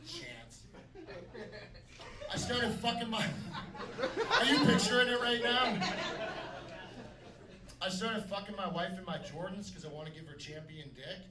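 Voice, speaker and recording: A man doing a stand-up comedy set with brash, punchy delivery and dark deadpan jokes. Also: high-pitched, measured pace, long pauses. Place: comedy club stage. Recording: echoey club from a distance with noise. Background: audience laughter.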